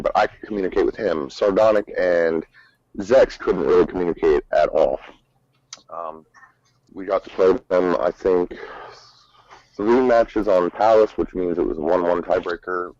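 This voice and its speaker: A man's voice: sits low, no room sound. A man hosting a casual gaming chat, rambling with lots of fillers and self-corrections, over a muffled online call. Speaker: host. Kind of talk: casual tournament preview chat.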